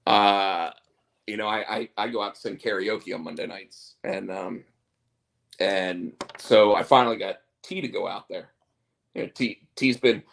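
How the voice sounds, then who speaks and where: A man's voice: fairly low pitch, unhurried, vocal fry, fairly bright tone. A man hosting a casual chat show, rambling and repeating words as he tells stories. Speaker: podcast host and comic artist.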